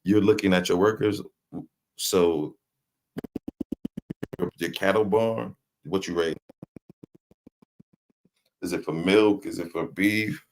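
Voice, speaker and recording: A man's voice: low-pitched, fairly even intonation, slow pace, long pauses. A man hosting a casual live stream, teasing his chat with loose slang and frequent laughs. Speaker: livestream host reading chat.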